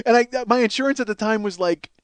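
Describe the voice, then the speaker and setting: A man with a strikingly high voice tells a comic road-rage tale as a podcast host. He rambles, swears constantly and laughs at his own bad behavior in a self-mocking way. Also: clear, resonant tone. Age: 40s. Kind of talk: comedic storytelling monologue.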